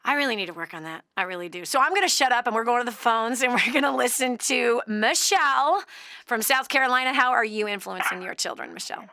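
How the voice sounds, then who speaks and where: A middle-aged woman hosting a Christian call-in radio show, talking in an animated, preachy way and laughing often. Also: fairly high pitch, fast talker, dry recording.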